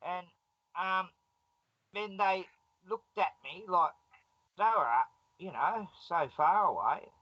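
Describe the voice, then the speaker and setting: A man's voice: high-pitched, lively intonation, slow, pauses often, no room sound, muffled recording. Rambling Australian man on a call. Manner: rambling, laughing, digressive storyteller. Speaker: guest. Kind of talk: casual storytelling on a live stream call. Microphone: video call.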